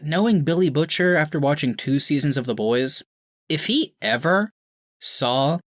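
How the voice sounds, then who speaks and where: A man co-hosting a podcast in casual banter, his voice bright and forceful. He jokes in an animated way, swinging into mock outrage, and sounds close and dry. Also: medium pitch, dry recording. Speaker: podcast co-host.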